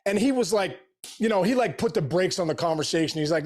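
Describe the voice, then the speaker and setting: A middle-aged man talks as a guest in a casual interview, his voice pitched high for a man. He rattles through his stories at a quick clip, animated and full of slangy asides. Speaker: podcast guest, former pro baseball player.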